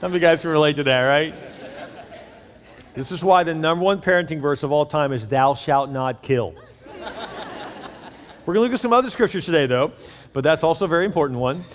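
Middle aged pastor preaching, chatty and jokey, kinda high voice, big church echo. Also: male voice, animated, quick pace, some chatter behind. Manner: conversational, joking, candid. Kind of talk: sermon. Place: church auditorium. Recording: echoey hall.

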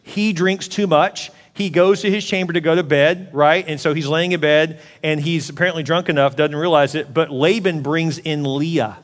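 Animated pastor in an echoing hall. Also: male voice, fairly high pitch, moderate pace, hardly any pauses. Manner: animated storytelling with acted-out voices and laughs. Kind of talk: sermon. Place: church auditorium.

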